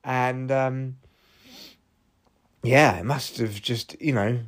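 A man, a comedian hosting his own podcast, rambling solo with hyper energy, restarts and excited jumps in his voice. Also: medium pitch, slow.

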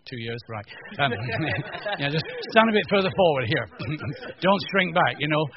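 A man from the north of England giving a humorous teaching talk to a live audience, animated and jokey, acting out little scenes. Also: on the high side, normal speed, dull audio, a crowd in the background. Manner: animated, jokey, acts out voices, stammering restarts. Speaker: preacher.

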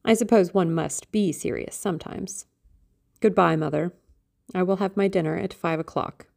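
A woman's voice: lowish voice, moderate pace, creaky, a little mellow. A woman voicing a sullen, blunt young man who speaks harshly and insistently.

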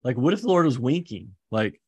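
A man's voice: medium pitch, big pitch swings, a little fast, darkish tone, breathy edge, no room sound. A man who teaches seminary, thinking aloud with enthusiasm and fillers while talking through lesson ideas. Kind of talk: casual teaching-prep chat.

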